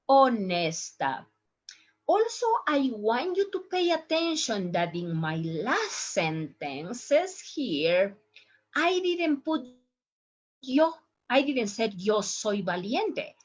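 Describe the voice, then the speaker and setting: A young Ecuadorian woman, a native Spanish speaker with an Ecuadorian accent, teaching a Spanish lesson from slides and slowly modeling pronunciation. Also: mid-range voice, lo-fi sound. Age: young adult. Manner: slow, deliberate modeling of pronunciation. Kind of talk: slide-based language lesson.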